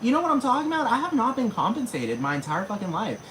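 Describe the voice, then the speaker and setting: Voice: medium pitch, wildly swooping pitch, fairly bright tone, a little hiss or hum, poor audio. A person in their thirties ranting in a monologue, swearing heavily and packing in fillers. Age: 30s. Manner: rapid, heavy swearing, many fillers. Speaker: vlogger.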